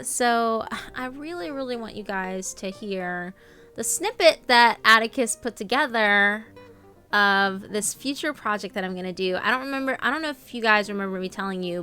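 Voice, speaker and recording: A young woman chats on her live stream in a bright, forward voice, greeting viewers by name and filling pauses with ums and little laughs. Faint guitar music plays quietly beneath her talk. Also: mid-range voice. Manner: chatty, reads out viewer names, filler-heavy. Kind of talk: casual live-stream chat.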